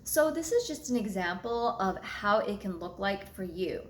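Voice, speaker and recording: A woman's voice: mid-range voice, expressive, normal speed, reverberant, a little hiss or hum. A young adult woman astrologer telling a personal story to her viewers in a candid, blunt way, swearing freely. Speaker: astrologer and channel host.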